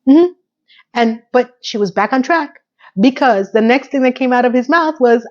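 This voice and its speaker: A woman's voice: fairly high pitch, moderate pace, lo-fi sound. A woman casually recapping a TV episode, chatty and full of opinionated asides.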